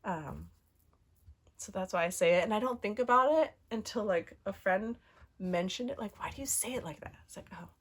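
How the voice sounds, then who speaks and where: A woman's voice: medium pitch, normal speed, husky. Bubbly, chatty woman knitting vlogger. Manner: chatty and bubbly, many fillers and asides. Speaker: knitting podcast host. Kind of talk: casual show-and-tell chat.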